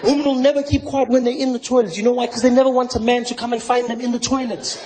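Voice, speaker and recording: A South African man doing stand-up comedy, telling a story in an incredulous, animated way on a large theater stage. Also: very high-pitched, quick pace. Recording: roomy venue with crowd noise. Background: audience laughter and noise.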